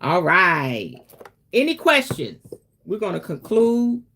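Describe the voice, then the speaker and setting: Woman host, lower voice, casual spiritual teacher, chatty and preachy. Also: big pitch swings, slow, fairly bright tone, a little hiss or hum. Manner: chatty, preachy, affectionate, says baby and okay often.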